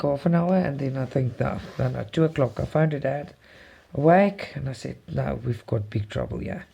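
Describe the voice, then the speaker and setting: A woman's voice: very deep voice, vocal fry, warm tone, slightly rough. A woman vlogger, telling a personal story in a rambling, emotional way. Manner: rambling, emotional retelling with restarts. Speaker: cross-stitch vlogger. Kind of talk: casual storytelling chat.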